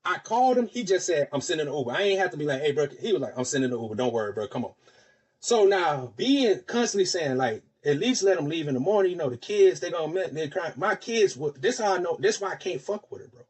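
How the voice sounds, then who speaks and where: Husky, on the high side and talking fast, a podcast host recounts a long story from his own life in relaxed conversation. He brings it to life by acting out what the other people said.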